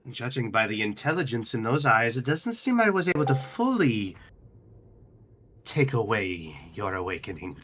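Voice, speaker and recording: A man's voice: mid-range voice, fairly bright tone, slight background noise, pitched below the performer's own voice. A man voicing a detached male Storm Giant who coolly experiments on a captive, in a tabletop game. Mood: clinical.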